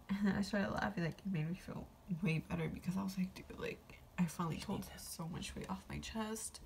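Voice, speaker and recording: A woman's voice: medium pitch, brisk, vocal fry, darkish tone, a little hiss or hum. A young woman vlogger casually telling a personal story, rambling with lots of fillers and getting emotional. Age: young adult.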